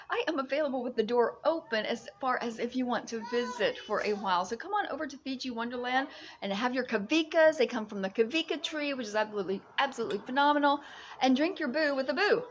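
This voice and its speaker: A woman's voice: a little high, a bit bright, a little hiss or hum. A woman live-streaming a casual chat to her viewers from her home, bubbly and exclamatory, often breaking into giggles. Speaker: livestream vlogger. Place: at home in Fiji.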